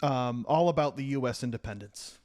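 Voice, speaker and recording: A man's voice: medium pitch, a little fast, a little mellow, no echo, studio quality. Middle-aged man teasing and quizzing his kid. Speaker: podcast host. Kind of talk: casual chat.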